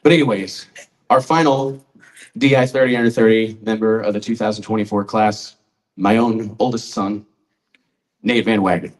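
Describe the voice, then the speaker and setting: In a trade show event hall, a man in his forties who publishes a magazine presents honorees at a press conference, telling a story conversationally and quoting people. His voice sits on the low side, with a steady tone and moderate pace. The rough recording was made from a distant mic over a faint crowd.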